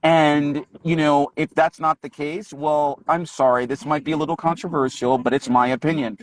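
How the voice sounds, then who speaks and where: A man's voice: a little high, level tone, normal speed. A man, an English teacher, talking on a live video call, emphatic and repeating his key points. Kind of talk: casual live-stream conversation.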